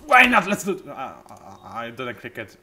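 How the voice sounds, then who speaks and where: A man casually commentating a strategy game he is playing, animated and self-mocking, with bursts of excitement. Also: medium pitch, normal speed. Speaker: let's play host.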